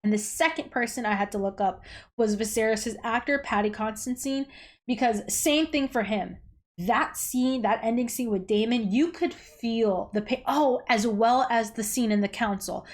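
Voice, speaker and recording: Animated woman reacting to a show. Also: a little high, normal speed. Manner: animated, blunt, swears freely, gasps and exclaims. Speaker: reaction video host. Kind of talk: casual reaction commentary.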